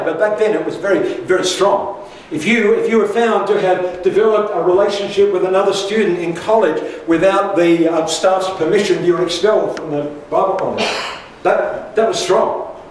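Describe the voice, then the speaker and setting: A man's voice: sits high, slight background noise. Older man preaching in an echoey hall. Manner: storytelling with humour and self-asides. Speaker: pastor. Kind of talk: sermon. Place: church hall. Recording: echoey church hall from far off.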